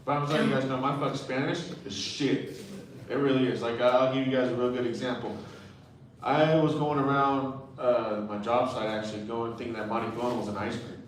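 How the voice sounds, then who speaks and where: A man's voice: mid-range voice, steady tone, brisk, a little hiss or hum. Profane young man telling stand-up stories. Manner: loose, profane, storytelling with lots of fillers. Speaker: stand-up comic and emcee. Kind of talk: stand-up comedy. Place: comedy club stage with live audience. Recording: very echoey room, far from mic, crowd.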